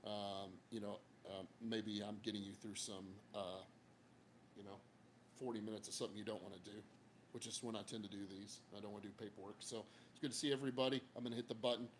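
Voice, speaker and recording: A low-voiced man talks in a folksy, frank way, full of fillers and the odd curse word. He is livestreaming from a hot outdoor porch, and a faint hum of noise sits behind his voice. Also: little pitch movement, fast talker. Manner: folksy, frank, mild cursing, many fillers. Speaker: therapist hosting a livestream. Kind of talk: casual livestream talk.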